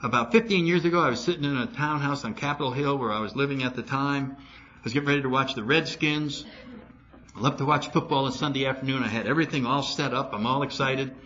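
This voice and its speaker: An older man speaking at a recovery meeting, telling a story and acting out both sides of his conversations in an animated way. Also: medium pitch, fast, highs cut off.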